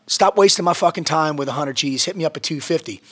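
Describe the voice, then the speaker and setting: A man as a podcast guest in casual chat, telling stories in an intense, profane, animated way. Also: a little high, fast.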